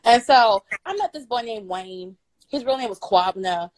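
A young woman from Florida tells a personal story in a loud, bubbly, playful way and swears freely. Her voice sits fairly high. The sound is dry and close. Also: expressive, normal speed, dry recording, rough recording. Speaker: guest storyteller. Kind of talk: casual storytelling on a live stream.

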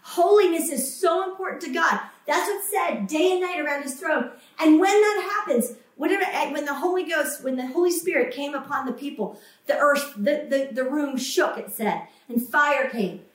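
A woman's voice: sits high, moderate pace. A woman preaching a sermon with passion, acting out the voices of the people she quotes and repeating words for emphasis. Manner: impassioned, acts out quoted voices, emphatic repetition. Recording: echoey room, voice from a distance.

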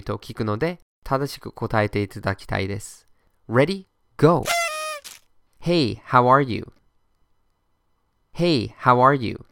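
A man teaching in a podcast lesson, clear and patient, running practice drills. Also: mid-range voice, pushed and bright, dry recording, studio quality. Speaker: language teacher.

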